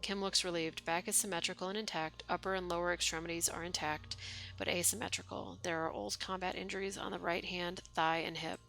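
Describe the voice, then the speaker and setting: A woman streamer at home reads a game's lines aloud in a deadpan voice and breaks off for wry, swearing asides. Her voice is bright and forceful, pitched a little low. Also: brisk, creaky. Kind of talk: reading game text aloud with casual commentary.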